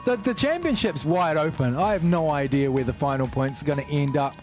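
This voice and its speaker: Brief: high-voiced Kiwi man, live drift caller, gets loud and fast on the action, music bed behind. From New Zealand. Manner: excitable, rising into near-shouted calls. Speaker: sim-racing commentator.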